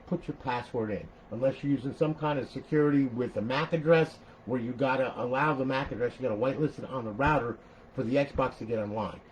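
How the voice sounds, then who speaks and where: With a little hiss or hum in the low-quality audio, a slightly mellow, medium-pitched older man walks through his modded game console. The casual tutorial rambles along, his lines tagged with "okay?" and "all right," plus an occasional swear.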